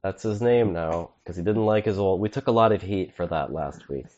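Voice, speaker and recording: A man's voice: sits low, expressive, a little fast, a little mellow, lo-fi sound. A man co-hosting a comedy podcast, laid-back and riffing, saying "dude" a lot. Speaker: podcast co-host. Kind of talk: casual comedic chat.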